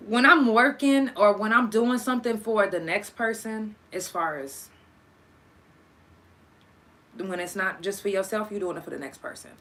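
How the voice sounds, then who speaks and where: With a medium-pitched voice, a moderate pace, and frequent pauses, a young woman hosts a casual podcast on her own. She's foul-mouthed and energetic, talking right at her listeners.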